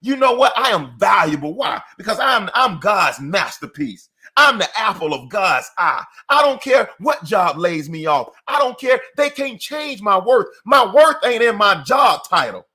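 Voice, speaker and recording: A man's voice: high-pitched, very animated, unhurried, pushed and bright, husky. A middle-aged man giving a motivational talk in an emphatic, repetitive, preacher-like cadence. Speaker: motivational speaker.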